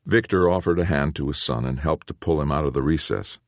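A man narrating an audiobook in an expressive storytelling manner. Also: extremely low pitch, brisk, no room sound, studio quality. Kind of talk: scripted narration.

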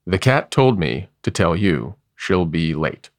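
A gentle, dim-witted horse from a storybook, as a man reads him out, slow and puzzled, with a gravelly low voice. Always thinking of food, he speaks simply and without hurry. The sound is dry and close. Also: dry recording. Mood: plain. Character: dim, placid male horse, always hungry.

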